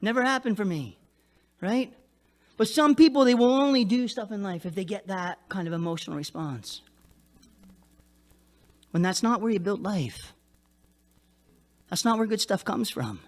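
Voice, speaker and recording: Brief: male pastor, higher voice, lively conversational sermon delivery, keeps asking "right?". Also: moderate pace, long pauses. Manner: animated, conversational preaching with frequent "right?".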